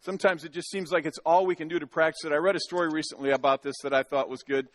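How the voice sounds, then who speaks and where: Folksy joking pastor, bright voice. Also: male voice, a little high, fairly even intonation, very fast, no room sound. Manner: folksy and joking, with many restarts. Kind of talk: sermon. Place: church sanctuary.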